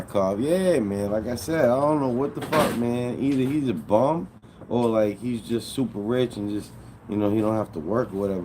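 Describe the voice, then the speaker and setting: A man with a fairly low voice chats to his stream viewers, aggrieved and rambling, swearing freely. Constant background noise and vehicle sounds run under his voice. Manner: aggrieved, rambling and heavily profane. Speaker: livestreamer. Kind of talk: casual livestream chatter to viewers.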